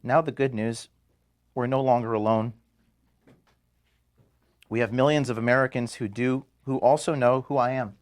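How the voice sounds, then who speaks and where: A man in his thirties giving an emotional farewell speech to his staff in an office, halting and restarting as he speaks. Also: mid-range voice, fairly even intonation. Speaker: organization founder addressing staff. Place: office, indoors.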